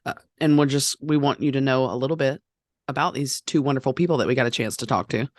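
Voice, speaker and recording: An easygoing podcast co-host who agrees readily and reads a guest bio in an unhurried way. The voice sits at a middling pitch, and the sound is dry and close with no room around it. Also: no room sound. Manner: easygoing, agreeable, quick to affirm. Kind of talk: casual podcast chat and reading guest bios.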